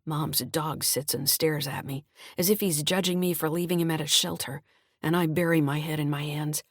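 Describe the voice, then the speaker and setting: A woman with a low, deep voice narrates a mystery thriller in a calm, measured read. The sound is dry and close, with no room around it. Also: dry recording. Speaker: author and audiobook narrator. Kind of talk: scripted audiobook narration.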